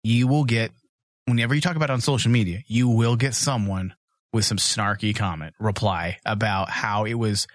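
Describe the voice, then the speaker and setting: A podcast co-host with a lowish, steady voice talks at a moderate pace, captured in a dry, studio-quality recording. His crude, comedic chat is brash and joking, full of mock-macho rants.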